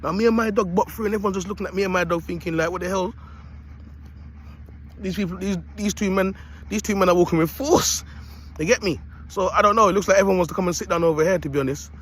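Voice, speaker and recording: Fast streetwise man, slightly high voice, preachy casual vlog, outdoors in a park, faint background ambience. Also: fairly bright tone, a little hiss or hum. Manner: streetwise and preachy, repeats "you get me". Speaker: vlogger.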